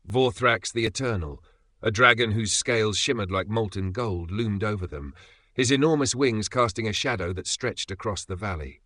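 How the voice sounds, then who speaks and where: A man narrating a fantasy story in an even, dramatic way. His voice sits fairly low but has a bright, forceful edge. The recording is dry and close, with no room sound. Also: moderate pace, no echo.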